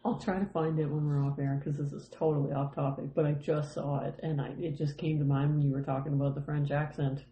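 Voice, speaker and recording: A woman's voice: sits low, flat delivery, fairly quick, hardly any pauses. A woman from Canada co-hosts a casual podcast, frank and chatty, swearing casually. Her voice is recorded in an echoey room with a dull, muffled sound and faint noise behind it. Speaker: podcast co-host.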